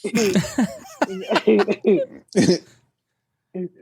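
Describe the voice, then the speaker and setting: A woman hosting a comedy podcast, telling a raunchy story in a loud, laughing, profane way. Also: mid-range voice, extremely slow, a loud crowd. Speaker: podcast host.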